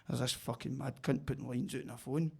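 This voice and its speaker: A man's voice: mid-range voice, fairly even intonation, quick pace, gravelly, slightly rough. A man with a Glaswegian accent doing sweary, conversational stand-up comedy in a basement comedy club.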